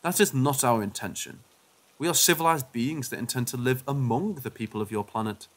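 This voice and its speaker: Brief: stiff, measured alien overlord, calm threat, read by a male narrator. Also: medium pitch, close to an everyday voice. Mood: solemn. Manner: formal, measured.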